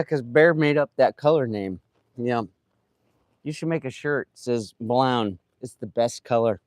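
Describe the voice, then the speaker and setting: A man's voice: mid-range voice, unhurried, no echo. Guy chatting on his live while he paints his carvings, rambly, dry close sound. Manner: rambling, trails off, lots of fillers. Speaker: chainsaw carver streaming live. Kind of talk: casual live-stream chat while working.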